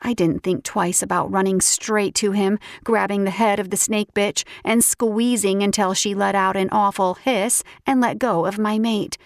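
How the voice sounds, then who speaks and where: A woman narrating a first-person romance audiobook with lively, expressive storytelling. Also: medium pitch, moderate pace, few pauses, no echo, studio quality.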